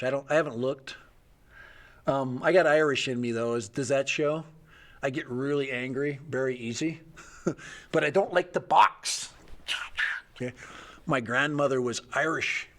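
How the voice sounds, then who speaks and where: A man's voice: medium pitch, fairly bright tone. Chatty middle-aged man on a live stream. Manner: rambling, chatty, self-interrupting, laughs often. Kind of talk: casual live stream chat.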